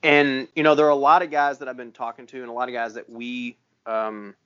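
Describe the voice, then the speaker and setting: A man co-hosting a podcast in casual chat, relaxed, rambling and profane. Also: mid-range voice, fairly quick, clear, resonant tone, lo-fi sound. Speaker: podcast co-host.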